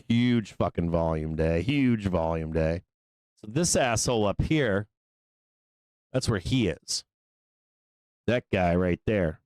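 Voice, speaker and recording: Male trading-show host, low and smooth-voiced, profane and excitable, dry close recording. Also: no room sound. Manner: profane, excitable, loose trader talk. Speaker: stock market show host. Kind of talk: live trading commentary.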